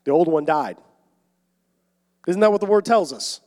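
Young preacher in a reverberant church. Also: male voice, on the high side, lively intonation, normal speed. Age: young adult. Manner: dynamic preaching, swinging from loud emphatic calls to quiet asides. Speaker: pastor. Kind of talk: sermon. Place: church sanctuary. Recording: long hall reverb.

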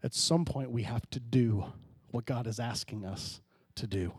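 A man pastor preaching a sermon, swinging between hushed, low passages and loud, emphatic rises, often calling out to the congregation. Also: unhurried, breathy edge, no room sound, studio quality. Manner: preaching with sudden drops to quiet and loud rises, calls to the congregation.

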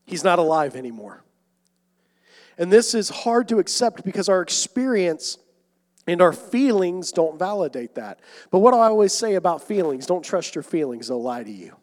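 A young man preaching a sermon, swinging between loud emphatic calls and quiet asides. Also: high-pitched, very animated, moderate pace. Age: young adult. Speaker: pastor. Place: church sanctuary. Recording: long hall reverb.

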